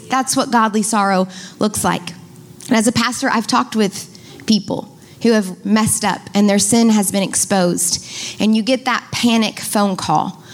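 In church, a woman pastor addresses her congregation head-on during a sermon, stretching words for emphasis and prompting listeners to say things back. Her voice is mid-range, and her pace is measured.

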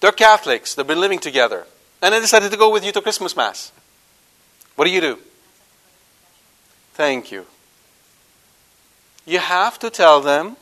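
Preaching to a live congregation, this Catholic man has a voice that sits high, speaking at normal speed with long pauses. He animatedly poses questions to the audience, moving from loud emphasis to quiet asides and back.

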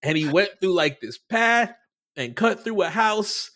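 Casual, profane man with a high voice. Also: animated, unhurried, sharp tone. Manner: loose and profane, acts out quoted voices deep and low. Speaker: podcast co-host. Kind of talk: casual chat.

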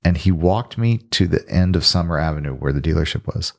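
A man from the American South, a film director as guest, telling animated stories in casual conversation in a podcast studio. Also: deep voice, fairly quick, creaky. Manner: animated anecdote-teller, trails off and restarts. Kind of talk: casual storytelling in an interview.

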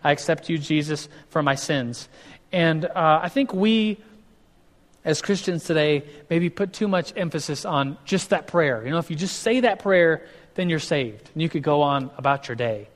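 A man's voice: on the high side, moderate pace. A male pastor teaching a casual, conversational sermon, often restarting sentences and acting out what people say. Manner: conversational, with many restarts and acted-out quotes. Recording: long hall reverb.

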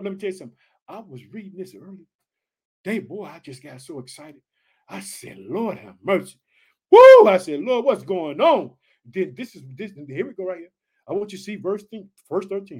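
Brief: man preacher, high voice, pumped-up exclamatory Bible teaching, calls listeners family. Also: lively intonation, brisk, slightly rough. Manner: reads scripture aloud then comments. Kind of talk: energetic Bible study sermon.

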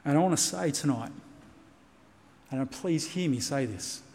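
A man's voice: on the high side, animated, a little slow, darkish tone, long reverb tail. A man preaching a sermon as pastor, earnest and reassuring, repeating key points for emphasis. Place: church.

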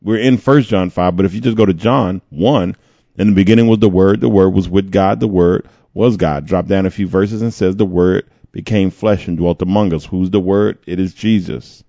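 Man, pastor, casual sermon, low gravelly voice, dull lo-fi sound. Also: fairly even intonation, normal speed, mellow, no room sound. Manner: conversational preaching with playful asides.

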